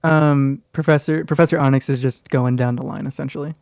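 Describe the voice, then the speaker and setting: A man's voice: mid-range voice, steady tone, fairly quick, creaky, darkish tone, smooth, dry recording. A man narrating a tabletop game as game master, in a loose, rambling way with lots of fillers.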